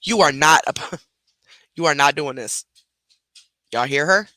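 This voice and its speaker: A woman's voice: low-pitched, takes it slowly, sharp tone, no room sound. A woman, chatting bluntly with her livestream audience from home. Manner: chatty, blunt, talks to pets and chat. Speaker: livestream reaction host. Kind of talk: casual livestream chat.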